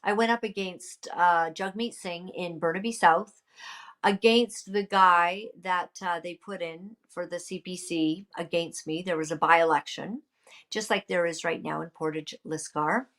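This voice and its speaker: A woman, a political candidate and podcast guest, retelling events in an emphatic, lively way with many fillers. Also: lowish voice, a little slow. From Canada. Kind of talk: storytelling in a casual interview.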